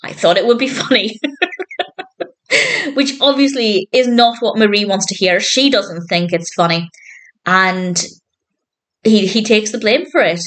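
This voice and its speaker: A woman's voice: medium pitch, moderate pace, a bit bright, rough recording. Woman, TV reviewer, casual and earnest, laughs easily, mid-range voice. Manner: earnest, chatty, laughs often, repeats words. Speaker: TV episode reviewer.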